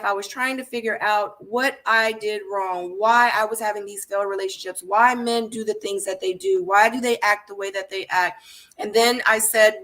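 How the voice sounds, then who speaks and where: A woman's voice: mid-range voice, bright, forceful tone. A woman hosting a casual reality-show recap, talking emphatically and repeating her points as she rants. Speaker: host.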